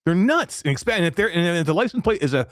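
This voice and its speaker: Male podcast host, animated ranter, pitch swings all over, dry studio. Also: fast talker, no room sound. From New York. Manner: animated, ranting, laughs often. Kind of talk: casual chat.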